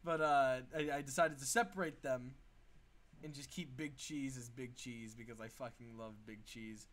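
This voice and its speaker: A man hosting a live art stream in casual chat, excitable and laughing, swearing freely. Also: mid-range voice, moderate pace. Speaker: stream host.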